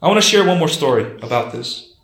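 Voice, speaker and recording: Male pastor, earnest storytelling sermon, slightly high voice, echoey room. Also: expressive, fast. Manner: earnest, drops to soft low tones for emphasis. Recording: roomy echo.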